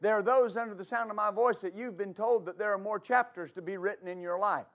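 A man's voice: high-pitched, quick pace, a bit bright. A man preaching a sermon as pastor, fervent and repetitive, stammering on restarts and calling for answers from the congregation. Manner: call-and-response with congregation.

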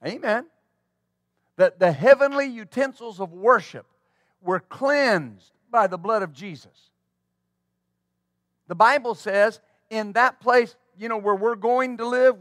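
A man preaches with fervor, his voice pitched high for a man. The sound is dry and close, with no room around it. He drives his points home and throws quick asides to the congregation. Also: a bit bright, dry recording. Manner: fervent preaching with call-and-response asides. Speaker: pastor. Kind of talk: sermon.

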